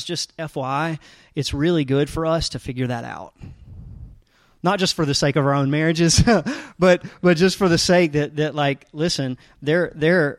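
A man preaching a sermon as a pastor, talking casually with lots of fillers and restarts, and getting animated when he tells stories. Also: medium pitch, no echo, studio quality. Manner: conversational, rambling with fillers and restarts; animated storytelling with rising energy.

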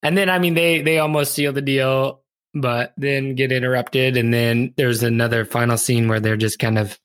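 A man's voice: medium pitch, fairly even intonation, moderate pace, a bit bright, no echo. A man in casual chat about a movie, laid-back and making joking asides.

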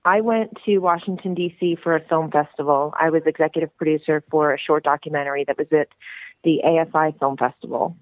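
A woman's voice: low voice, a little fast, dry recording. A woman filmmaker, a friendly and outgoing talker, telling her story as a guest in a phone interview. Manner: chatty, outgoing, animated storyteller. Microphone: telephone. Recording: tinny phone line.

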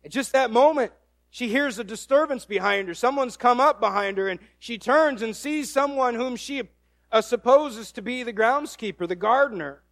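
A man's voice: very high voice, normal speed, fairly bright tone, no room sound. A male preacher giving a sermon, telling the story animatedly and acting out quoted voices, with frequent restarts.

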